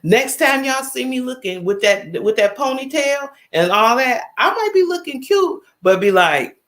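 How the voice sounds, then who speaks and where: A woman in her fifties hosting a casual livestream, talking straight to her viewers in an animated, emphatic storytelling way. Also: high voice, normal speed. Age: 50s. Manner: animated, emphatic, storytelling, addresses chat directly. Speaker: livestream host.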